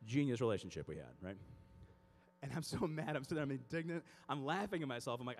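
A man speaking at a youth conference, telling comic stories and acting out scenes in an animated way. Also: mid-range voice, fast.

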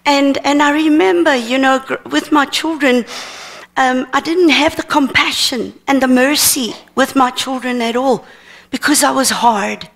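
Middle-aged woman, high gravelly voice, earnest halting testimony at a seminar. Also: a bit bright. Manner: earnest, halting, repeats words. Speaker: seminar teacher sharing testimony. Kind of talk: personal testimony teaching. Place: ministry seminar session.

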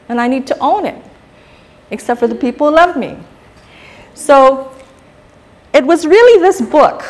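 A middle-aged woman from Guam is giving a public talk. Her voice sits high, and she tells her stories with animation, turning often to the audience with questions. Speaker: guest speaker.

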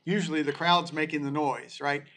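A man leading a Bible study class, reading scripture aloud and then breaking in to explain it in a slow, deliberate way with frequent restarts. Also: fairly high pitch, fairly even intonation, bright, forceful tone. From United States.

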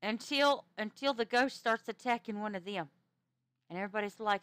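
A woman telling a ghost story in character, animated, with stammering restarts. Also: medium pitch, a little fast, smooth, dry recording.

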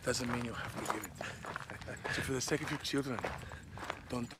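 A man's voice: mid-range voice, normal speed. A man talking candidly and rambling as an interview guest, telling stories about himself. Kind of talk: casual interview chat. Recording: clip with noticeable background noise.

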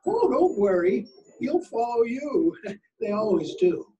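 Male reader as chirpy storybook bakery lady, very high and bouncy, distant mic. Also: sing-song, takes it slowly, dark tone, highs cut off, full character voice. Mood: cheerful. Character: cheerful bakery lady, adult woman.

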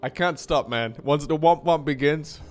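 A man chatting casually and jokingly on his live stream, animated and playful. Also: normal speed, soft background music. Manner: joking, animated, with playful high-pitched squeals.

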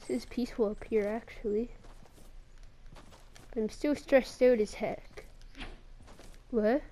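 A woman's voice: on the high side, fairly even intonation, slow pace, warm tone. A woman giving live commentary while playing a battle royale game, muttering to herself and breaking into sarcastic, swearing outbursts. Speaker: gamer.

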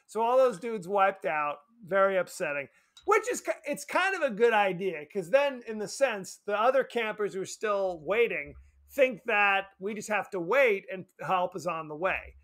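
A man co-hosts a horror film podcast in loose, casual conversation. His voice sits high and bright, and he throws himself into acting out scenes with exaggerated voices. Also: big pitch swings, normal speed. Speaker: podcast co-host. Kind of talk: casual movie chat.

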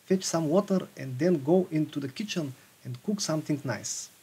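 A man voicing a wicked old woman witch from a storybook in his own husky reading voice. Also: fairly high pitch, animated, moderate pace, dark tone, full character voice. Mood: bossy.

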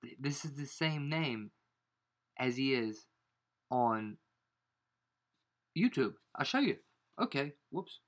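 A man's voice: medium pitch, lively intonation, slow, long pauses. A man in an angry, confrontational rant, full of slang and repeated insults, showing proof on his screen. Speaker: YouTuber.

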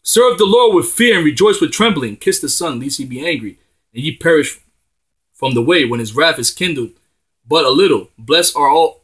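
A man's voice: medium pitch, fairly bright tone, slightly rough. A man preaching, reading scripture aloud and breaking in with emphatic, profane street talk. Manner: emphatic, profane and slangy between verses.

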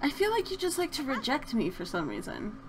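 A young woman hosting a let's play, chatting through the game in an animated, gushing way with bursts of laughter. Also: high voice, brisk, slight background noise. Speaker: gaming channel host.

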